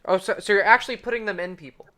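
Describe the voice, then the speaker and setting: Laughing, bright-voiced game master. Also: medium pitch, rapid-fire. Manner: laughs often, many fillers. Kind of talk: narrating a tabletop game.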